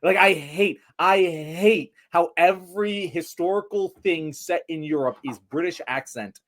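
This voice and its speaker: A man's voice: on the high side, a little slow, fairly bright tone. A man co-hosting a casual chat, ranting emphatically about a movie and swearing. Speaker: podcast co-host.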